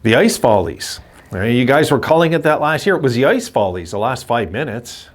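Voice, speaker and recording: A man's voice: mid-range voice, very animated, fairly quick. A man giving a frustrated postgame rant as a hockey fan commentator, repeating himself and cursing at his team. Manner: frustrated, ranting, repetitive.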